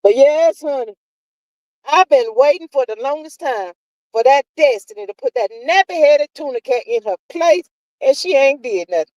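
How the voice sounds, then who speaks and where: A woman's voice: high voice, animated, normal speed, darkish tone, no room sound, dull audio. A woman, hosting a live stream and gossiping casually with viewers, sassy and drawling, calling everyone child and honey. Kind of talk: casual gossip chat reading viewer comments.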